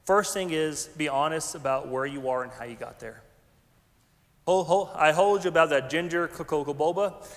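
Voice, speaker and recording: A man, a pastor preaching a conversational, animated sermon with folksy asides. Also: a little high, moderate pace. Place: large church sanctuary. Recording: long hall reverb.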